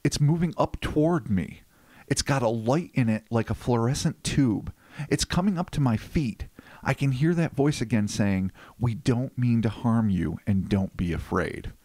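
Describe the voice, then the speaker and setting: A man's voice: medium pitch, animated, moderate pace, a little mellow, no room sound. A man hosting a podcast, reading case narration and riffing in a casual, profane, joking way. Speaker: podcast host.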